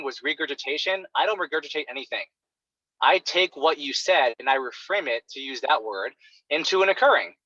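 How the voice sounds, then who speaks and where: Animated male sales coach, bright lo-fi voice. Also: fairly high pitch, dry recording. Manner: animated, acts out clients' reactions. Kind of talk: coaching talk on a call. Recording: dull, lo-fi sound.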